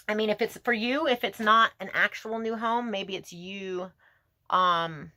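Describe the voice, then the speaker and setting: A woman's voice: lowish voice, fairly bright tone, no room sound. A woman giving a casual tarot reading to camera outdoors, gushing and emotional, laughing and musing aloud to herself. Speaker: tarot reader.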